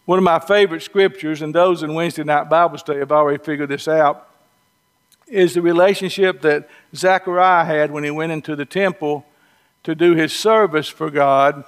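A man's voice: fairly high pitch, fairly even intonation, normal speed, clean tone. A man with a Southern US accent preaching a sermon in a folksy, conversational storytelling way with humorous asides. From Southern US, North Georgia or North Alabama.

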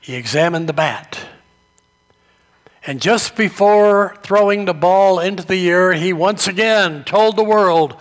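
A man preaching a sermon, telling stories slowly and deliberately. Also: high voice. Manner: slow, deliberate storytelling delivery. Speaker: pastor.

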